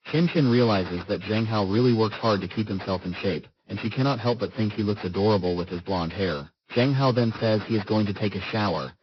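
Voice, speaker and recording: A man with a fairly low voice reads a scripted comic recap at a steady, even storytelling pace. The recording is muffled and lo-fi, and a clear hiss sits under his voice throughout. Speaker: recap narrator.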